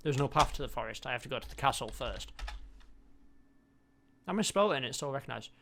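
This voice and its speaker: A man giving sarcastic, deadpan commentary while playing an old computer game. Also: mid-range voice, quick pace, gravelly, background noise. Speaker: video game reviewer. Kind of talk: comedic let's-play commentary.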